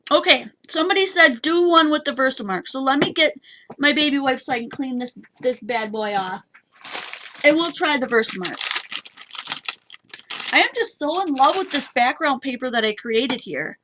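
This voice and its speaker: A woman's voice: high voice, animated, moderate pace, noisy background. A woman hosting a live papercraft stream, chatty and bubbly as she demonstrates and talks to her viewers. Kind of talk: casual craft demonstration.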